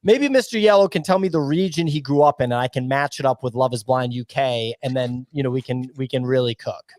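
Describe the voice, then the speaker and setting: A man's voice: medium pitch, fairly quick, a little mellow, no echo. A man co-hosting a casual podcast chat, teasing the others in joking banter. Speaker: podcast co-host.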